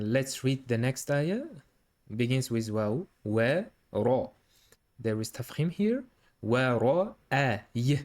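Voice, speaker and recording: A man's voice: mid-range voice, darkish tone. A man teaching Quran recitation step by step, patiently sounding out and repeating each word to show the correct pronunciation.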